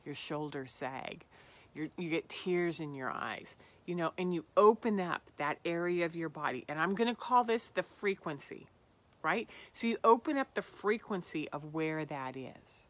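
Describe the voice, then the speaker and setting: A woman's voice: sits low, animated, normal speed, a bit bright. A woman hosting a spiritual self-help talk, earnest and reflective, often falling to a whisper on tender phrases. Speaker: podcast host.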